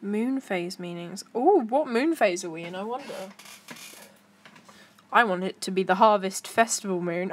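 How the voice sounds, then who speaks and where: Young woman, casual stream chat, giggly, talks to herself, mid-pitched. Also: moderate pace. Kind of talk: casual live-stream chat while browsing.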